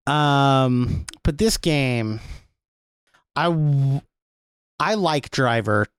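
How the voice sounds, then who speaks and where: Man, podcast co-host, casual game chat, crisp voice, self-correcting delivery. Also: mid-range voice, lively intonation, very slow, no echo, clean studio sound. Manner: rambling, self-correcting, joking.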